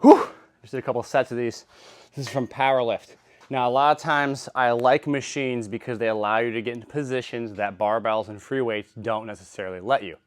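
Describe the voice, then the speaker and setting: A man's voice: mid-range voice, fairly even intonation, brisk, clean tone, no room sound. A man in a gym, out of breath between sets, puffing as he casually explains how he uses a training machine. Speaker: fitness vlogger. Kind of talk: casual workout demonstration.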